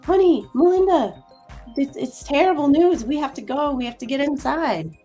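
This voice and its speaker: A fussing, worried mother in a tabletop game, put on by a woman GM, her voice raised and lifted high with hurried, urgent phrasing. Faint music plays behind her. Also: warm tone, close to an everyday voice.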